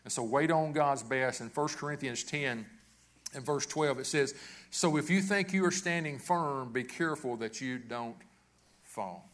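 A man's voice: mid-range voice, measured pace, fairly bright tone. A man preaching a sermon as pastor, earnest and repetitive, often restarting his phrases.

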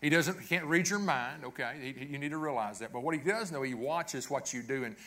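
A man's voice: mid-range voice, fairly quick, fairly bright tone. A man preaching a sermon as pastor, earnest and repetitive, often restarting his phrases.

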